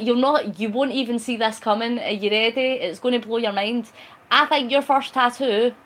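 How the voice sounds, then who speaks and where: A woman's voice: a little high, normal speed, a bit bright. A woman chatting casually on a live stream, reading out viewer comments in a cheeky, talkative way with frequent laughs. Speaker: vlogger.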